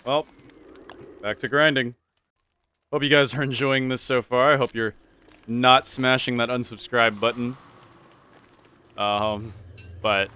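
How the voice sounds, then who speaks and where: A man's voice: medium pitch, fairly even intonation, slow pace, long pauses, bright, forceful tone, a little hiss or hum. A young man casually commenting while playing a survival video game, goofy and rambling as he talks to his viewers. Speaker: gaming channel host. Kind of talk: let's-play commentary.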